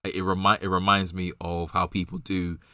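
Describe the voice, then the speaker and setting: A man with a low but bright, forceful voice tells stories fast on a podcast. He is animated and quick, and the sound is dry and close. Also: no echo. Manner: animated storyteller, quick and laughing. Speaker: podcast co-host. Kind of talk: casual chat.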